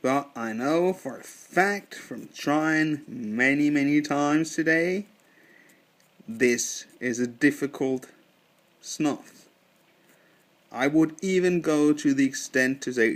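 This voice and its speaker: A man giving a casual product review in a slow, deliberate way, thinking aloud with fillers. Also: fairly high pitch. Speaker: snuff reviewer.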